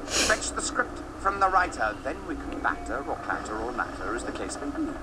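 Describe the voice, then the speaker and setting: A man's voice: mid-range voice, sing-song, a little fast, natural voice. A man voicing a pompous, grandiose male theatre impresario in video game dialogue, speaking in florid, tangled words. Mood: grandiloquent. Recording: game audio under loud noise.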